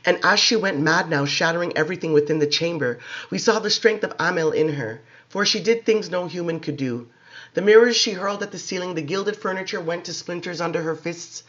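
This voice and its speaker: A man giving expressive, measured dramatic audiobook narration, on a dull lo-fi recording. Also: high-pitched.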